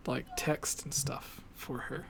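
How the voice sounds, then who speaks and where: A man's voice: medium pitch, level tone, slow, creaky, a bit bright, a little hiss or hum. A man hosting a casual livestream podcast, joking around and laughing often. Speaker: podcast host.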